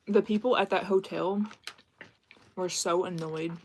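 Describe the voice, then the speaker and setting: A woman's voice: on the low side, steady tone, unhurried. A young woman chatting casually on a live stream, self-deprecating and thanking viewers as she talks.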